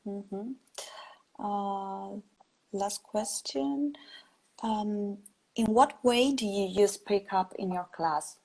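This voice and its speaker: A woman interviewer hosting a live stream, reading viewer questions aloud in a slow, hesitant way; her first language is Italian. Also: medium pitch, a little mellow, poor audio.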